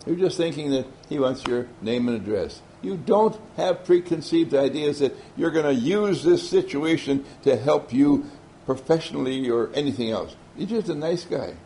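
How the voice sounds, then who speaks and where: A man's voice: a little high, animated, moderate pace, mellow, a little hiss or hum, rough recording. A man giving a motivational talk, telling a story animatedly and often laughing. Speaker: motivational speaker.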